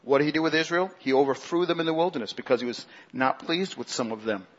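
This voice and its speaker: A man preaching a sermon as pastor, animated, mimicking grumbling people in a mocking high voice. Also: quick pace, dull audio.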